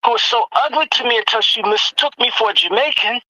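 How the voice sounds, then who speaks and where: A woman's voice: a little high, fast, dry recording, rough recording. A woman from the United States giving impassioned commentary as a roundtable panelist, acting out the exchanges she describes. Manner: animated, acts out quoted exchanges.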